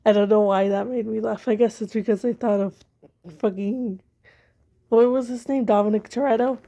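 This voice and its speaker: A woman's voice: on the high side, steady tone, normal speed, pauses often, mellow. A woman casually rambling through her own story ideas, amused at herself. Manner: rambling, self-amused, many fillers. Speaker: amateur story writer.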